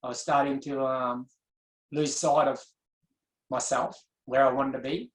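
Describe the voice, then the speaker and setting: A man telling his personal story as an interview guest, earnest and reflective, pausing and restarting as he goes. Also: medium pitch, fairly even intonation. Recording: echoey room.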